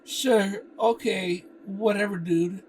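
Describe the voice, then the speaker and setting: A man's voice: sits high, lively intonation, normal speed, voice pushed up. A man reading aloud voices an eager young male store worker in a raised, overeager voice. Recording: distant mic with background noise.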